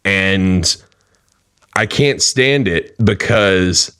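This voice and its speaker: A man's voice: low-pitched, extremely slow, a bit bright, smooth. A man co-hosting a casual podcast, rambling with lots of "like" and swearing. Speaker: podcast co-host and rapper.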